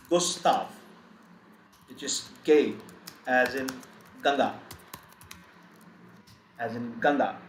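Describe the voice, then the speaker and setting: A man's voice: medium pitch, slight background noise. A man teaching German pronunciation in a live online lesson, going through the alphabet and saying each sound several times. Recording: echoey room, faint keyboard typing.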